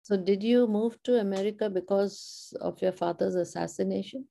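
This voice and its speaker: A woman hosting a podcast interview, calmly asking short follow-up questions. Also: mid-range voice, normal speed, vocal fry. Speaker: podcast host. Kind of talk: conversational interview.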